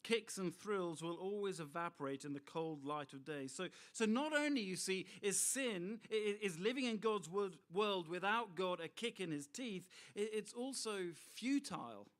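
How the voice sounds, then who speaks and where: Middle-aged male preacher, slightly high pitch, expressive sermon delivery with asides to the audience. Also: moderate pace, hardly any pauses.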